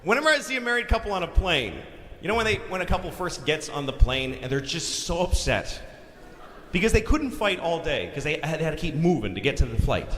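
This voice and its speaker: Animated male stand-up comic in a hall. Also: fairly high pitch, fairly quick. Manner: animated storytelling, acting out voices, shouting punchlines. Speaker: stand-up comedian. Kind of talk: stand-up comedy routine. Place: large theater stage. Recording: live hall recording with crowd laughter. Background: audience laughter.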